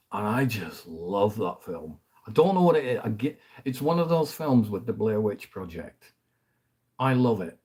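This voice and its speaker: A man with a low, husky voice talks casually and at length about films. He rambles from one thought to the next with clear enthusiasm, often letting his sentences trail away into quiet asides. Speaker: host, film reviewer. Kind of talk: casual chat.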